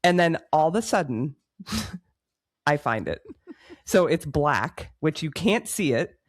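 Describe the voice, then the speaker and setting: A woman podcast co-host tells a story in a lively, self-mocking way and laughs in the middle of her sentences. Her voice sounds close and dry, with no room echo. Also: low-pitched, measured pace. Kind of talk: casual chat, storytelling.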